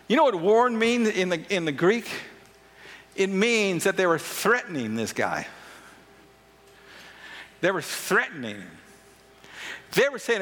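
A man's voice: extremely high pitch, sing-song, normal speed, fairly bright tone, big-room sound. A man preaching a sermon as a pastor, emphatic and repeating phrases for stress.

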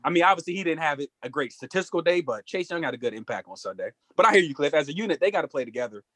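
High-pitched guy joking around about football, super animated, dry close sound. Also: no room sound. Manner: lively, joking, quick to laugh. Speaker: podcast co-host. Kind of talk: casual sports chat.

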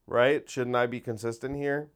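A man's voice: medium pitch, fairly even intonation, moderate pace, clear, resonant tone. A man talking in a casual solo monologue, rambling and wry, often interrupting himself.

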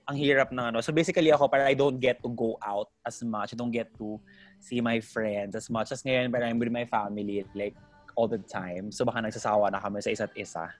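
A man's voice: mid-range voice, fairly even intonation, fast talker, soft background music. A man with a Filipino accent chatting casually as co-host, mixing English and Tagalog. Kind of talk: casual chat.

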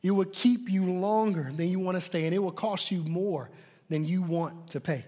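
Brief: emphatic male preacher, high voice, sermon with a long hall echo. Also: moderate pace, warm tone. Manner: emphatic, repeats words when stressing points.

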